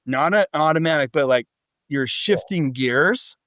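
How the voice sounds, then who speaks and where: A man speaking as a podcast guest, telling stories in a loose, animated way, full of "like" and "right?". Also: fairly high pitch, a little slow, dry recording, studio quality. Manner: animated storytelling, frequent "like" and "right?". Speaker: podcast guest, business coach. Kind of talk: casual interview talk.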